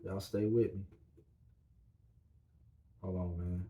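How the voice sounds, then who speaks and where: Animated man hosting a casual podcast. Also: low-pitched, takes it slowly. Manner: loose, animated, repeats "man" and "you know what I'm saying". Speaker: podcast host. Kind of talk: casual solo podcast talk.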